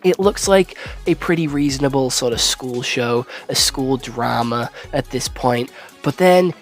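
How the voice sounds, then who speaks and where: A young man talks through a TV series review in a loose, casual vlog. His voice sits at an ordinary middle pitch, and he rambles, corrects himself, and swears freely. Faint music plays behind him. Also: measured pace. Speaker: YouTube show reviewer.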